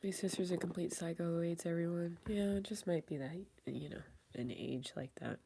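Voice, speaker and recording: A woman streamer talks to her chat through tears, soft and halting, often dropping to a near whisper. Her voice sits a little low. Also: creaky, slight background noise. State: crying. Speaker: livestreamer. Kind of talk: tearful live stream chat.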